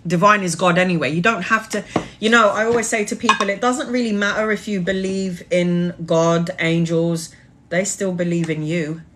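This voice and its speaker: A woman's voice: lowish voice, fairly even intonation, normal speed, a bit bright, a little hiss or hum. Woman tarot reader, live-stream chat, earnest and spiritual, rambling and blunt. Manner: loose, rambling delivery full of restarts. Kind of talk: casual live-stream storytelling.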